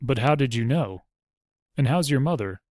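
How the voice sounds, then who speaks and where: A man voicing an excitable, worried knight father who fires off eager questions in a dry, close reading. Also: mid-range voice, normal speed, dry recording, natural voice. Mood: puzzled.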